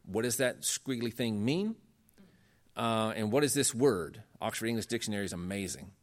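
A man's voice: lively intonation, normal speed. Earnest male lecturer, emphatic delivery. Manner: earnest, emphatic, rising in pitch when making points; conversational with frequent fillers. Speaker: lecturer on church history.

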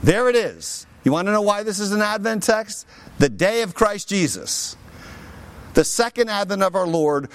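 A man preaching a sermon as pastor, conversational and emphatic, with lively asides to the congregation. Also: high-pitched.

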